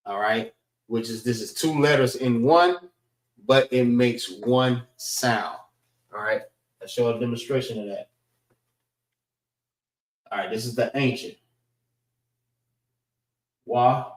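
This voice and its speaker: Slow-talking man teaching a class. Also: mid-range voice, recorded from a distance. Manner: slow and deliberate, sounding out letters, frequent "all right" checks. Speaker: class instructor. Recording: roomy echo.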